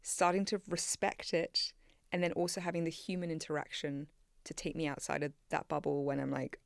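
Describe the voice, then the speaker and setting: Low, gravelly woman chatting freely. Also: fairly quick, dry recording, clean studio sound. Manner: rambling, self-correcting, animated. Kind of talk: casual conversation. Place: small studio. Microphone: studio microphone.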